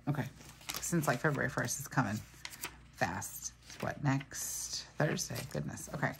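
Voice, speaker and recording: A woman's voice: a bass voice, animated, a little slow, gravelly, noisy background. A woman in her thirties chatting casually while she plans in her journal, telling stories with lots of asides. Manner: chatty, storytelling, trails off into asides. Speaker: planner vlogger. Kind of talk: casual chat while planning.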